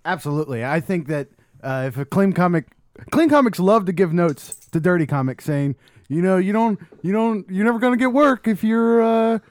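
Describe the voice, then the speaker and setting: A man's voice: sits high, animated, normal speed, a little mellow, no echo. A man co-hosting a casual podcast, blunt and argumentative, swearing casually. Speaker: podcast co-host. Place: indoor podcast room.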